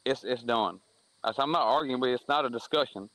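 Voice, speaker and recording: On a casual podcast, a man from the southern US who promotes a racing series recounts a heated racetrack story, voicing the quoted arguments in a blunt, plain-spoken way. His mid-range voice is fairly bright and fairly quick. The recording is dry and rough.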